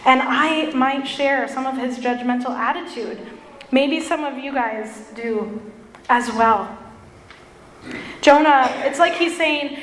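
A woman preaches a sermon in a high, light voice, earnest and self-deprecating, with playful asides. Her voice rings through a roomy church hall, and a long reverb trails each phrase. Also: slow pace, fairly bright tone, slight background noise.

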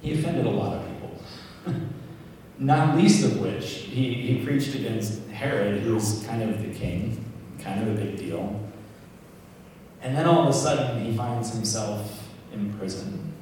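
A man giving a casual, joking sermon, full of asides and quick tag questions to the listeners. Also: on the low side, a little mellow, a little hiss or hum. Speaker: preacher. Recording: echoey hall, distant mic.

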